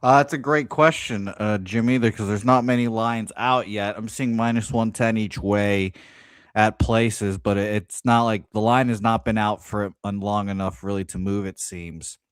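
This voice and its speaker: A man co-hosting a sports betting show, talking casually in an upbeat, polite and slightly halting way. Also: lowish voice, smooth, dry recording, studio quality.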